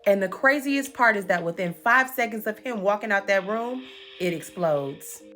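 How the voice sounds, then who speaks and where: A woman hosting a comedic recap, telling the story in a sassy, animated way with swearing asides. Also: medium pitch, moderate pace, faint music behind.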